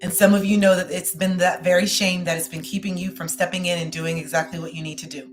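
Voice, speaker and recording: A woman's voice: lowish voice, steady tone, fast. Woman reading cards on a live stream, gushing and emotional, says things twice, faint hum behind her. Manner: emotional, breathy and effusive, repeats phrases. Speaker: tarot reader and host.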